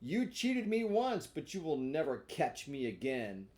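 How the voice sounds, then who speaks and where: A man voicing a proud young wooden marionette boy in a read-aloud storybook, speaking high, loud and emphatic. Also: huge pitch swings, a little slow. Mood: scornful.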